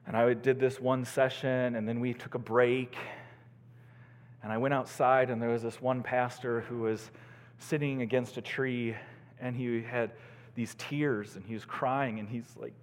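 Earnest male pastor in a reverberant church. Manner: earnest, swings between soaring emphasis and hushed lows. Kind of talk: sermon.

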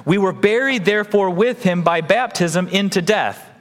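Male pastor, emphatic sermon delivery, slightly high voice, big reverberant room. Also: normal speed. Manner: animated, emphatic preaching with wide pitch swings.

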